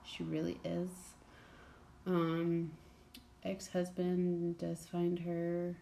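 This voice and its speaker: Young woman, mellow lowish voice, blunt casual book chat, filler-heavy, faint noise floor. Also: completely flat delivery, very slow, creaky. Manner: chatty, blunt, many fillers and "like"s. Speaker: book podcast host.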